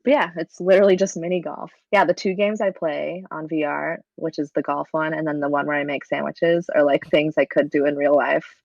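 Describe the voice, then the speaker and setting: A woman co-hosting a casual podcast, relaxed and matter-of-fact. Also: deep voice, brisk, creaky, few pauses, no echo. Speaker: podcast co-host. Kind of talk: casual chat. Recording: dull lo-fi mic.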